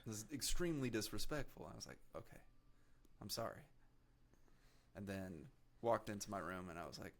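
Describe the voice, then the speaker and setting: Man in his twenties, podcast guest: flat, monotone delivery, halting with fillers, low-ish voice. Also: a little hiss or hum. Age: 20s. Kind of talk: casual chat.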